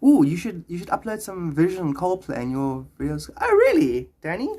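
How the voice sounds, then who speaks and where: A man's voice: a little high, animated, a little fast, warm tone. A man chatting on a live stream, reading viewers' comments and rambling into spiritual musings.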